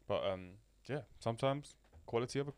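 A young man co-hosting a casual podcast, talking in a laid-back way that drifts quieter. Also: medium pitch, a little fast, clean tone, dry recording. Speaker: podcast co-host.

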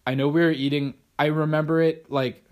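A man's voice: a little high, little pitch movement, fairly quick, darkish tone. Rambling, swearing young man. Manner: rambling, profane, restarts often. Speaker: podcast host. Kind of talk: casual solo monologue.

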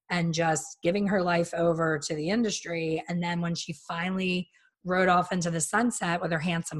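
A middle-aged woman, a former hairstylist, talking casually on a podcast and acting out the people in her stories. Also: lowish voice. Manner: chatty, animated storyteller who acts out quotes.

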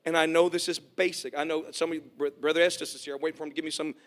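A middle-aged man preaching a sermon. He calls for amens, jokes folksily, and swells to shouts. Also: a little high, flat delivery, rapid-fire. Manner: folksy, joking asides.

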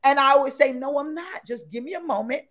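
A woman guest in an interview chat, talking exuberantly and repeating her phrases with excited bursts. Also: sits high, fast. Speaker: podcast guest.

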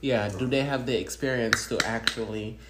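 A man's voice: mid-range voice, steady tone, moderate pace. A young man with a Senegalese French accent, talking earnestly and reflectively in casual, slangy chat. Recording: echoey room, faint background noise.

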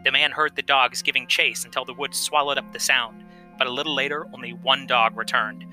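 A male storytelling host reads a spooky folk tale in a measured, dramatic way, then chats warmly with his listeners. His voice is very bright and forward, with soft music faintly underneath. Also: medium pitch, fairly even intonation, poor audio. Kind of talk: folk tale reading and chat.

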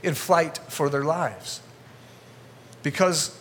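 A male pastor preaching a sermon to a congregation in a church, energetic and conversational, getting fired up as he talks. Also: on the high side, takes it slowly, a little hiss or hum.

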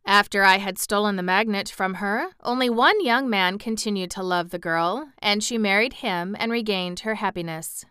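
A shy, ragged wanderer speaks with plain, earnest humility, voiced by a woman reader close to her own voice. Her tone stays bright and exceptionally clear, recorded dry and near the mic. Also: mid-range voice, moderate pace, hardly any pauses, no echo, lightly acted. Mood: humble. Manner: earnest, humble, plain-spoken. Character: shy, humble ragged vagabond man. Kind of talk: audiobook character reading.

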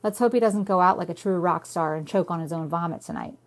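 A woman's voice: fairly low pitch, fast talker, close to an everyday voice. A woman reading a cocky, smirking young man. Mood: smug.

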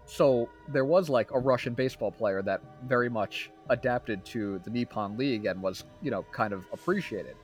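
A young man co-hosting a podcast, talking in a casual, animated way and laughing often. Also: medium pitch, normal speed, few pauses, faint music behind. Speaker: podcast co-host. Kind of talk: casual chat.

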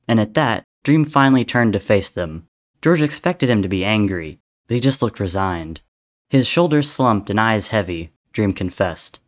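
A man reading a story aloud in a measured, softly dramatic narration. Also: fairly low pitch, lively intonation. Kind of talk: reading fan fiction aloud.

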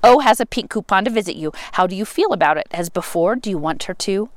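A woman reading the lines of a jovial, laughing male poet friend in a storybook, hearty and teasing with loud bursts. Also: mid-range voice, expressive, fast, dry recording, lightly acted.

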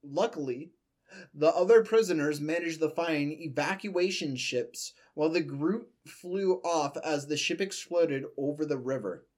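A young man gives a comedic read-aloud of a fan story, his voice sitting a little high. He stops now and then for joking asides and laughs with a friend. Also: unhurried, darkish tone. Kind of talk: comedic dramatic reading.

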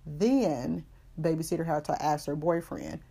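A woman with a fairly low voice recaps a story for a comedy podcast. She tells it in loose, profane slang with plenty of fillers and asides. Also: measured pace, creaky, warm tone, slightly rough. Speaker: podcast host.

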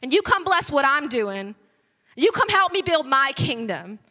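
A woman's voice: high voice, very animated, normal speed, pushed and bright. A woman from the United States preaching a sermon in a large church hall, talking conversationally and building to fervent emphasis. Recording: long hall reverb.

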